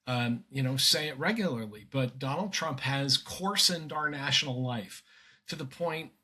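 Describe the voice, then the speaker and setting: Older American male guest, emphatic and earnest, bright and slightly husky tone. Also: mid-range voice, normal speed. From United States. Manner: earnest, emphatic, with frequent restarts and fillers. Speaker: guest commentator. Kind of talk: conversational podcast interview.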